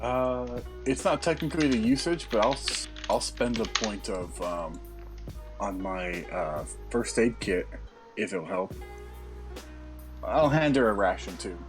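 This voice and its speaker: Low-voiced joking man at the table. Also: animated, unhurried, music in the background. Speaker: player. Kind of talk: casual tabletop play.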